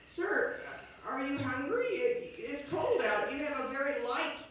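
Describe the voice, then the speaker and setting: A woman voicing a kindly old male cobbler, speaking gently and hesitantly, recorded in an echoey room from a distance. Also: high voice, sing-song, a little slow, slight background noise, pitched above the performer's own voice. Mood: gentle.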